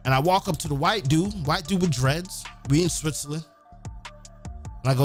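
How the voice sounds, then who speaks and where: A man hosting a podcast, telling stories in a casual, profane, animated way. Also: on the high side, normal speed, soft background music. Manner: profane, animated, acts out quotes. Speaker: podcast host. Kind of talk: casual storytelling.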